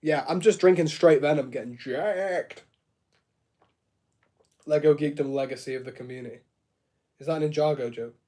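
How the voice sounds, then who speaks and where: A man with a fairly high voice chats loosely on a live stream, reading out and answering viewers as he goes. He jokes and laughs a lot, and his sentences wander with plenty of "like" fillers. He sounds like he is talking from a home studio room. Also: normal speed, long pauses, dark tone. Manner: chatty and joking, laughs often, many fillers like "like".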